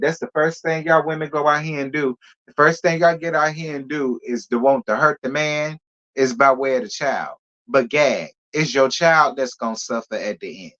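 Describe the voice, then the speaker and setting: A man's voice: medium pitch, animated, normal speed, a bit bright. Sassy man in dull lo-fi gossip talk. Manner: sassy, talks straight to viewers. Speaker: celebrity gossip vlogger. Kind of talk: casual gossip commentary.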